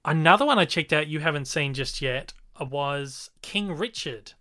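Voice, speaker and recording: Male film-chat co-host: bright, clear voice, enthusiastic and rambling delivery. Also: a little high, lively intonation, moderate pace. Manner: enthusiastic, rambling with fillers and restarts. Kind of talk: casual film review chat.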